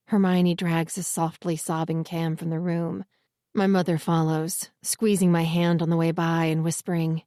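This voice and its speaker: Woman, audiobook narrator, first-person, steady, earnest, lowish voice, dry close recording. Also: normal speed, dry recording.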